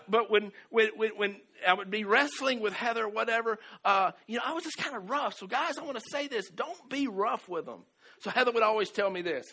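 A man's voice: high voice, sharp tone. A man preaching a marriage sermon, telling a personal story in a folksy, rambling way with many restarts. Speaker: pastor.

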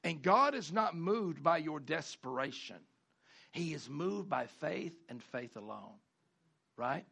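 A male pastor delivering a sermon with a high, bright voice and a gravelly edge. He talks fervently, circling back to key phrases and pressing them home. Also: slow. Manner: preaching with rising fervor, animated, repeats phrases.

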